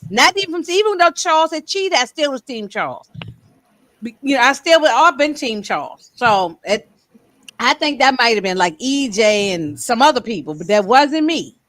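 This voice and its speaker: A woman's voice: sits high, big pitch swings, normal speed, a bit bright, no room sound, studio quality. A woman co-hosting a casual podcast chat, rambling with many fillers and restarts. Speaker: co-host.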